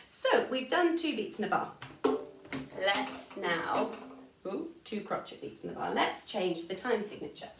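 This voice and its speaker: In an online music lesson, an English-accented woman teaches a string class, explaining beats and counting rhythm aloud while a violin plays. Her medium-pitched voice is sing-song and unhurried, coming from far off-mic in an echoey room over the music.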